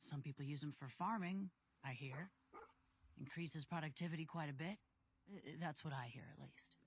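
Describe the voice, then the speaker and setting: An actress voicing a fast-talking wandering livestock trader in a video game, talking up her goods. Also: low-pitched, slightly rough. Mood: salesy. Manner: salesy, talks up her goods.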